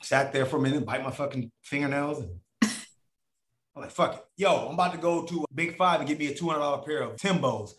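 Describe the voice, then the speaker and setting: A man's voice: fairly high pitch, brisk, a bit bright, roomy sound. A man as a podcast guest, telling a long story in a casual, profane way and acting out other people's voices.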